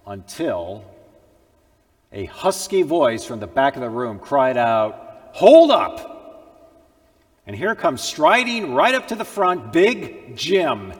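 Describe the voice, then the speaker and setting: A male preacher delivers a storytelling sermon at an unhurried, deliberate pace. He moves from booming declarations to near-whispers. A long hall reverb trails his words. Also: very animated. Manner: dramatic, swings from loud proclamations to hushed tones.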